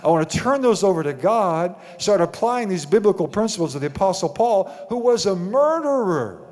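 A man's voice: high-pitched, very animated, moderate pace, a little mellow. Man preaching in an echoing church. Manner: preaching with rising emphasis and call-and-response questions. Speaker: pastor. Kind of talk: sermon. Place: church sanctuary. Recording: long hall reverb.

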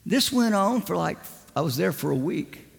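A man's voice: fairly high pitch, lively intonation, normal speed, gravelly. A man preaching a sermon in a folksy, conversational storytelling way. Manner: folksy, conversational, lots of "I mean" fillers. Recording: long hall reverb.

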